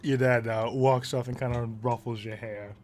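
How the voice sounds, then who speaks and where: A man narrating as game master of a tabletop game, animated and often laughing. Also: mid-range voice, moderate pace.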